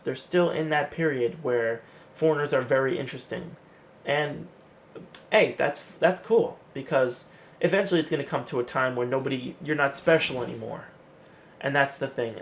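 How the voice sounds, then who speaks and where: Man, casual vlogger, gravelly voice, chatty and animated, faint background hum. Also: a little high. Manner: chatty, acts out quotes in an animated way. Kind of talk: casual vlog talk.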